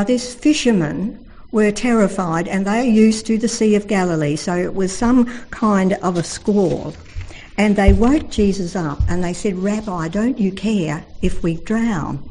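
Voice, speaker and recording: A woman giving a devotional Bible talk, telling the stories earnestly and slowing down for emphasis. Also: medium pitch, warm tone, rough recording. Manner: earnest storytelling, slows for emphasis. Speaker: Bible teacher.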